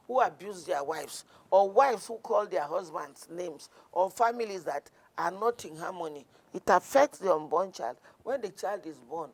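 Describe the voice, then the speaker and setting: Gravelly-voiced woman counsellor. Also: mid-range voice, darkish tone. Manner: earnest, storytelling, with frequent restarts. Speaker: guest counsellor. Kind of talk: conversational interview.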